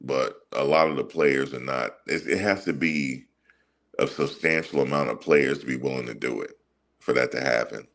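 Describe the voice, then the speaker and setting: With a bass voice, vocal fry and a fairly bright tone, a man speaks at normal speed. As host of a sports commentary channel, he delivers a heated, profane, casual rant, repeating himself along the way.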